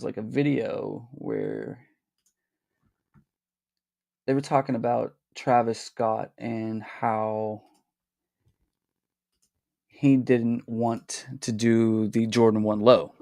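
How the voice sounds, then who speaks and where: A man hosting a casual livestream, talking in a relaxed, rambling way with fillers and restarts. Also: medium pitch, takes it slowly, gravelly, pauses often, no echo, clean studio sound. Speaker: livestream host.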